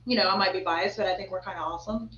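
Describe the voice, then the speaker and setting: A woman's voice: medium pitch, fairly even intonation, very fast, sharp tone, slight background noise. Chatty woman podcast host, roomy sound. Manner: chatty and rambling, full of fillers. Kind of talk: casual chat. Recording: roomy, slightly dull recording.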